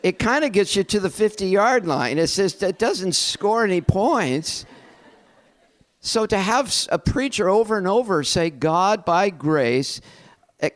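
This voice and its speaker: A man's voice: high voice, expressive, measured pace. A middle-aged man, a pastor, telling a personal story in a candid, reflective and self-deprecating way. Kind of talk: personal testimony talk.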